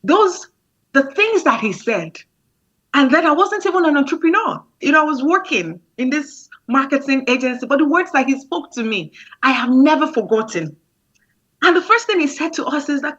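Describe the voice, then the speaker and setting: A woman's voice: high voice, very animated, moderate pace, fairly bright tone, highs cut off. A woman giving an impassioned motivational talk over a remote link, often repeating words. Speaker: speaker.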